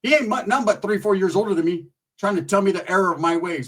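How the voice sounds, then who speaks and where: A man with a husky, slightly raised voice tells a story from his own life in loose, profane street slang. He sits a little back from the mic, so his voice sounds somewhat distant, and his telling is lively and animated. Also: high-pitched, quick pace. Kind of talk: casual storytelling.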